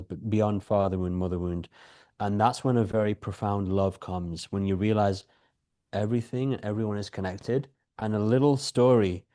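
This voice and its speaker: Male guest, low mellow voice, calm reflective storyteller. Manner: calm, storytelling, asks rhetorical questions. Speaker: podcast guest, spiritual teacher. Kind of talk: reflective spiritual talk.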